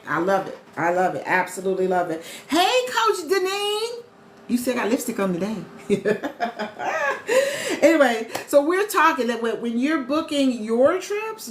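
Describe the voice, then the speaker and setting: A woman chatting casually to viewers on a live stream as a travel agent host, animated and talkative. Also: fairly high pitch. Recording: echoey room with faint ambient noise.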